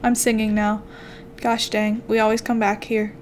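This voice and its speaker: A woman's voice: medium pitch, monotone, moderate pace. A young woman chatting playfully to herself while commenting on her game as a channel host. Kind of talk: casual gameplay commentary.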